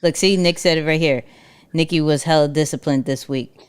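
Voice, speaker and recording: Young woman cohost, chatty and bubbly, lowish smooth voice. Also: steady tone. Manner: bubbly, chatty, storytelling with quick asides. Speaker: podcast co-host. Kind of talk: casual live show chat.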